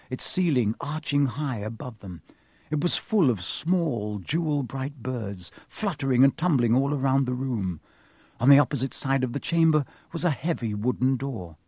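A husky male narrator reads a storybook aloud, shaping the scenes with expression. His voice sits at a middle pitch. The recording is dry and close, with no room sound. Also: moderate pace, dry recording. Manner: expressive, changes voice for each character. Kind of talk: storybook reading.

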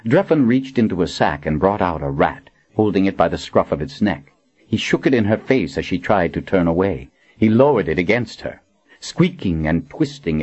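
A man narrating a dark fantasy audiobook with a dramatic, expressive reading. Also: sits low, muffled recording.

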